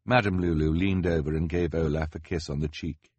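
A male narrator with a very deep, husky voice reads the story slowly and wryly. The recording is dry and close, with no room sound. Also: fairly even intonation, a little mellow, no echo. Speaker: audiobook narrator. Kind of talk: scripted narration.

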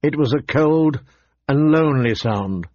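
A man giving a measured, steady reading of a novel as narrator. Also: fairly high pitch, no room sound, highs cut off. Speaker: audiobook narrator. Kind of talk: scripted narration.

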